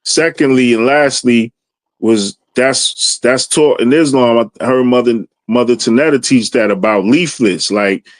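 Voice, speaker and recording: A man's voice: mid-range voice, measured pace, no echo. Laid-back man in casual conversation. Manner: loose, conversational, frequent "you know what I mean". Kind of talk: casual religious discussion.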